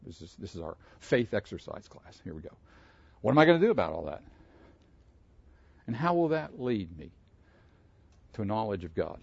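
Animated preacher man, muffled sound. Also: on the low side, moderate pace, creaky, pauses often, slightly rough, no echo. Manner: animated, asks the room questions. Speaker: pastor. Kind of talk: interactive sermon with congregation.

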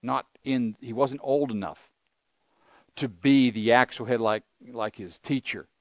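A man's voice: mid-range voice, steady tone, a little slow, dry recording. An older man preaching a sermon, earnest and conversational, asking his listeners rhetorical questions. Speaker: pastor.

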